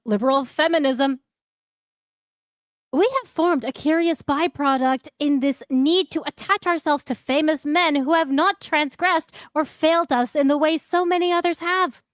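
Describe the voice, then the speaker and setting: A woman co-hosting a podcast, reading a prepared essay aloud in long, measured sentences and stumbling on a word now and then. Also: high voice, dry recording, clean studio sound. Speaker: podcast co-host.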